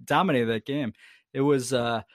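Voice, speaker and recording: A man in his thirties rambles through casual sports talk on a podcast, swearing freely and poking fun at himself. His voice sits at an ordinary middle pitch. The sound is close and dry, with no room in it. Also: fairly even intonation, normal speed, dry recording. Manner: rambling, profane, self-deprecating jokes. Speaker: podcast co-host.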